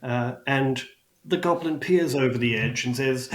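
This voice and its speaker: Game master, male, mid-pitched, unhurried scene narration, echoey room. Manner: descriptive, relaxed, with fillers.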